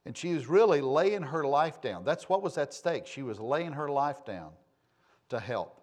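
A man preaching a sermon, shifting between loud, emphatic passages and quiet, low asides, with a folksy storytelling manner. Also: expressive, unhurried. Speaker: pastor.

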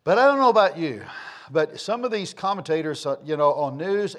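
A man's voice: a little high, animated, moderate pace, a bit bright. A man preaching a sermon, a folksy, rambling storyteller who repeats phrases for emphasis. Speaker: pastor.

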